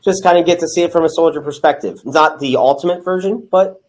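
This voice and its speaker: A man's voice: fairly high pitch, fast talker, darkish tone. Rambling young man reviewing a film. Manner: rambling, upbeat, laughs easily. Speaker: podcast co-host. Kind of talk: casual film-review chat.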